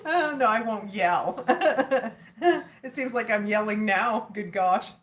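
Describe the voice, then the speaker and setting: A woman's voice: mid-range voice, takes it slowly, slight background noise. A woman hosting a casual livestream, chatting with viewers and laughing often.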